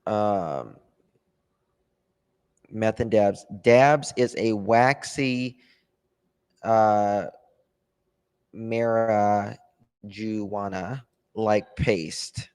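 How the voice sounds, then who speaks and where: A man with a fairly low voice talks slowly and unhurriedly, hosting a casual true crime livestream. He thinks aloud and answers viewer comments with frequent ums and trailing pauses. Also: darkish tone, clear, resonant tone. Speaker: true crime channel host. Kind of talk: casual livestream chat about a case.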